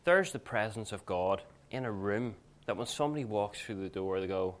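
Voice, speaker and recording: A male pastor with a fairly low voice preaches a sermon and tells stories along the way. His delivery is conversational and earnest, more like chatting than proclaiming. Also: animated, normal speed. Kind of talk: sermon with personal anecdotes.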